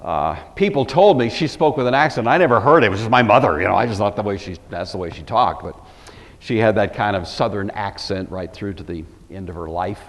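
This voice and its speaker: A man's voice: fairly low pitch, animated, brisk. Older man teaching the Bible in a hall. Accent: Pacific Northwest American English. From Pacific Northwest. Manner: earnest and emphatic, with wry asides. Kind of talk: Bible lecture.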